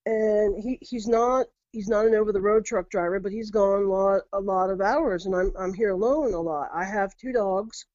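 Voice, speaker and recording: A woman's voice: medium pitch, steady tone, normal speed, few pauses, darkish tone, no echo. A middle-aged woman telling her own eerie encounters in a casual interview, earnest, often repeating her words. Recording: dull lo-fi audio.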